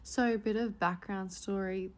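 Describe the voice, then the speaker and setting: A woman telling a personal story in a chatty, animated way, full of "like" fillers. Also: medium pitch, normal speed. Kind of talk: storytime vlog.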